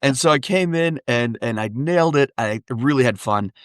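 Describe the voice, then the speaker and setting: Male dialect coach guest, mid pitch, dry close mic, upbeat and laughing often. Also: lively intonation, moderate pace, dry recording. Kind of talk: casual interview chat.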